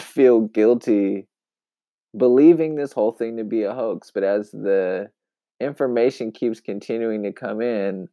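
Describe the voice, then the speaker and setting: A man giving casual commentary in an emphatic, wry way, with long pauses, on a dull, dry lo-fi recording. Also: lowish voice, warm tone, no room sound. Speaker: commentary vlogger.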